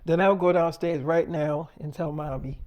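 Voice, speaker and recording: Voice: mid-range voice, steady tone, moderate pace, highs cut off, voice pushed down, natural voice. A storyteller voicing a nosy younger sister who teases her older sibling and threatens to tell their mother. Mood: teasing.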